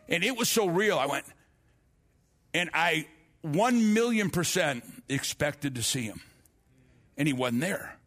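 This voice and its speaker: Man preacher, somewhat high voice, earnest testimony delivery that trips over and repeats words. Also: lively intonation, measured pace, pauses often, fairly bright tone. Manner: earnest storytelling, frequent restarts and repeated words. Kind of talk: sermon with personal testimony.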